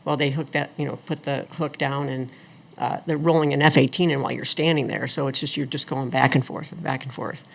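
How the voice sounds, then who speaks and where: Lively storytelling woman, gravelly voice. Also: very deep voice, brisk. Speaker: guest, attorney and former engineer. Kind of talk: casual storytelling in an interview.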